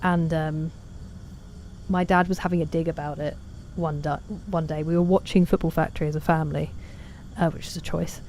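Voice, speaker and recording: Woman streamer, low mellow voice, chatty and self-deprecating, answers chat. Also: flat delivery, normal speed, a little hiss or hum. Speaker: game streamer. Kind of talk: casual chat while playing.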